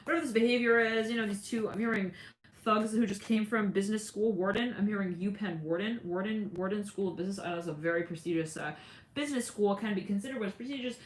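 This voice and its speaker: A woman's voice: medium pitch, fast talker. Chatty woman tarot reader, echoey room. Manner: chatty, rambling, laughs often. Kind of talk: casual intuitive tarot reading.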